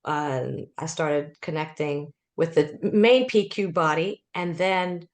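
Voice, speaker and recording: This is a woman in her fifties, a life coach guesting on an interview. She tells her story in a loose, chatty way, full of laughs and restarts, in a fairly low voice. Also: slow.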